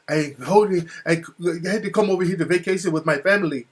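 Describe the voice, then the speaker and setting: An interview guest with a husky, slightly high voice tells a story in a loose, casual phone-style conversation, swearing freely and growing heated and animated. He talks fast with few pauses, and the call audio drops out now and then.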